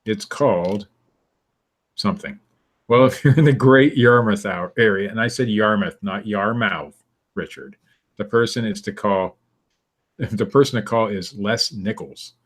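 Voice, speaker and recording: A man's voice: on the low side, a little slow. A man co-hosting a podcast, reading odd news stories aloud in a dry, sarcastic way and laughing at them. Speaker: podcast co-host.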